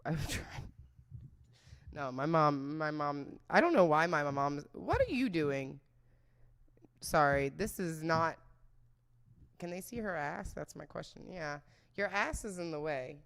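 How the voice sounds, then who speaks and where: A woman hosting a podcast talks about sex in an unfiltered comedic style, full of brash, crude jokes, and she mimics voices when quoting people. Her low-pitched voice is expressive and unhurried, with long pauses.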